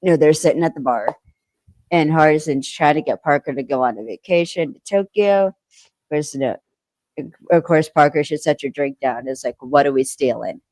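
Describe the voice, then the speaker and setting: A woman co-hosting a podcast, recapping an episode in rambling casual chat and acting out quoted lines, clearing her throat now and then. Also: sits low, normal speed, darkish tone, no room sound. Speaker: podcast co-host.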